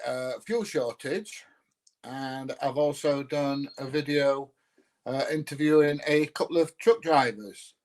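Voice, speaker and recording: A man from North Nottinghamshire with a South Yorkshire accent, chatting casually on a live stream, rambling with many ums and uhs and greeting viewers by name. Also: on the high side. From North Nottinghamshire, England. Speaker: YouTuber greeting live chat.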